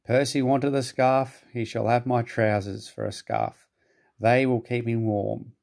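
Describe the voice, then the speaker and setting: A man voicing a stern, pompous railway controller in a storybook reading, speaking crossly and deliberately. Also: mid-range voice, level tone, gravelly, darkish tone.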